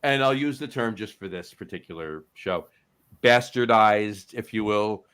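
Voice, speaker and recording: A man's voice: lowish voice, unhurried, fairly bright tone, smooth. A man, co-hosting a podcast in casual chat, rambling with many restarts. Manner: rambling, full of restarts and fillers. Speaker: podcast co-host.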